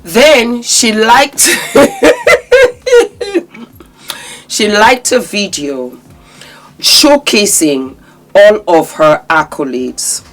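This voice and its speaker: A woman's voice: mid-range voice, expressive, slow pace, fairly bright tone. A woman hosting a commentary vlog, talking emphatically and calling her viewers darlings. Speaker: commentary channel host.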